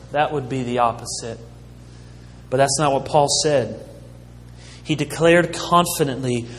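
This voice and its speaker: A man preaching a sermon as a pastor, slow and emphatic, with dramatic pauses. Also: medium pitch. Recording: long hall reverb.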